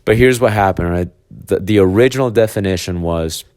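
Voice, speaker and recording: A man's voice: low-pitched, brisk, darkish tone, no room sound, studio quality. A man, a dog trainer hosting a podcast, talking bluntly and with profanity in a casual monologue, acting out imagined conversations. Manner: blunt, profane, acts out hypothetical dialogue.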